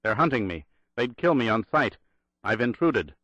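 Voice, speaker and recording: A man's voice: mid-range voice, very animated, normal speed, pushed and bright, no room sound, dull audio. A man voicing a tense Russian agent on the run, speaking with urgent intensity in an audiobook thriller. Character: tense male Russian agent hiding in hills.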